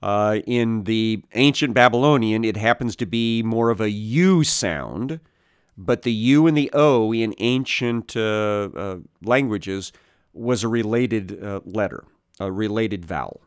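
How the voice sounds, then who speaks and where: A man giving a Bible teaching talk, speaking deliberately with many pauses and "uh" fillers, and explaining the origins of words. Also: lowish voice, smooth, no room sound, studio quality. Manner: explains word origins, corrects himself mid-sentence.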